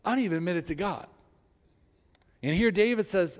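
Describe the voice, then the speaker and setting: A man preaching a sermon as a pastor, reading scripture aloud with emphasis and animated delivery. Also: high voice, brisk, pauses often. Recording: long reverb in a large hall.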